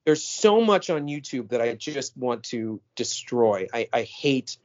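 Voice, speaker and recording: A man co-hosting a casual chat about cult films, talking in an excitable way. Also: medium pitch, measured pace. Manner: animated, excitable talker. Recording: dull lo-fi recording.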